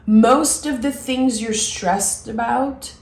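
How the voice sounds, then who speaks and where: A woman giving a reflective tarot reading, gently encouraging and thinking aloud as she turns the cards. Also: on the high side, slow. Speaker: tarot reader. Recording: roomy echo.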